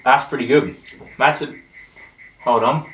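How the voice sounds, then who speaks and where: A man's voice: mid-range voice, a little slow, a bit bright, far from the mic. A man hosting a casual beer tasting show, chatting in a rambling, jokey way. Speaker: host of a beer review show. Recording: roomy echo, voice off-mic.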